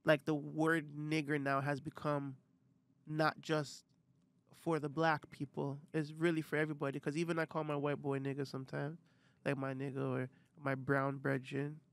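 A man's voice: fairly high pitch, completely flat delivery, normal speed. A young man, co-hosting a casual podcast and arguing his point at length. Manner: reasoned arguing, frequent affirming murmurs. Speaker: podcast co-host.

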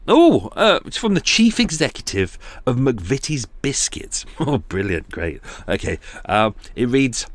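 A man's voice: fairly low pitch, very animated, measured pace, vocal fry, dry recording. A man hosting a podcast, telling a rambling comic monologue full of jokey asides and sighs. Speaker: podcast host.

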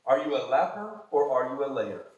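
A man preaching a sermon as pastor, fervent, swinging between shouted exhortations and low, quiet asides. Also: sing-song, moderate pace, highs cut off, noisy background. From United States. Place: church sanctuary. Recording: very echoey church hall.

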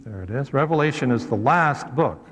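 A man, a priest, giving an animated, conversational teaching talk to a live audience, with humorous asides. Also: mid-range voice, moderate pace. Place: hall with a seated audience. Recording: echoey hall.

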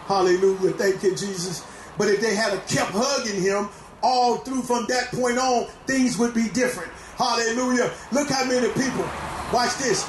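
A man preaching a sermon, often shouting and crying out hallelujah. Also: high voice, moderate pace, reverberant, a little hiss or hum. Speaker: pastor. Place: church.

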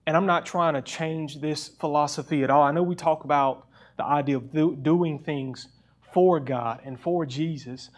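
A man's voice: fairly high pitch, fairly even intonation. A young man preaching a sermon in an earnest, personal way, often restarting his phrases. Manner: reads scripture aloud faster.

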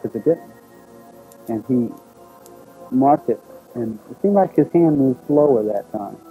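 A man telling his own experience in a documentary, recalling it in halting, unpolished speech with restarts. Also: medium pitch, animated, phone-quality sound, faint music behind. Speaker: eyewitness recounting his experience. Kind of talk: first-person testimony in a documentary.

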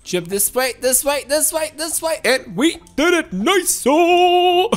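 High, lively woman in excited game commentary. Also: slow, faint music behind. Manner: excitable, exclaims and laughs often, talks to viewers. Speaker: gaming video host.

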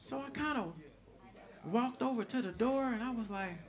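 A man doing stand-up comedy, telling a story in an animated, profane way and acting out the lines of people in it. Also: extremely high pitch, moderate pace. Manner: animated, profane, acts out quotes.

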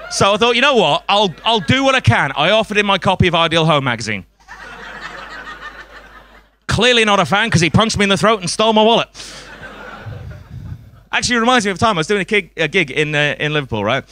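A man's voice: high voice, big pitch swings, fast, long pauses, bright, forceful tone. A man doing a stand-up comedy set on a club stage, swearing a lot and chuckling at his own jokes.

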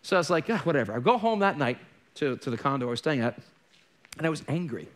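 A man's voice: a little high, lively intonation, fast talker, slight background noise. A middle-aged man preaching a sermon as a pastor, candid and conversational, with joking asides. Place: church.

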